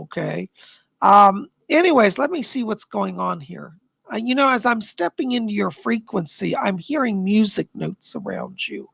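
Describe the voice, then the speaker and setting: A man hosting a live stream of psychic readings, chatty and animated, his voice tiring. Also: high-pitched, vocal fry, breathy edge, no room sound. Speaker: psychic medium host.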